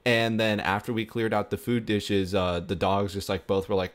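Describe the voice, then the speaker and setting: Deep-voiced man rambling and laughing. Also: steady tone, quick pace, hardly any pauses. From Arizona. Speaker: interviewer. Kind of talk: casual chat.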